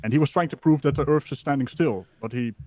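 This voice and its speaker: A man's voice: mid-range voice, quick pace, mellow. A man chatting on a livestream who stumbles, repeats words and laughs often. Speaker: co-host on a livestream. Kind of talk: casual livestream chat.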